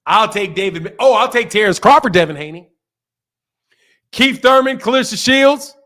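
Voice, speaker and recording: High-voiced animated Philadelphia boxing host. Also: male voice, normal speed. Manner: animated, playful, repeats phrases. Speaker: boxing channel host reading super chats. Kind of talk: casual livestream chat.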